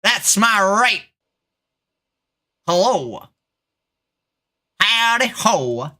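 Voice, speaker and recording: A woman putting on a loud, over-the-top Texas accent to play a meat-loving rancher's daughter who keeps tacking on "so I am". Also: mid-range voice, big pitch swings, very slow, full character voice. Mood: hammy drawl. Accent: put-on Texas accent. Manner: drawling, shouting, tacks on "so I am".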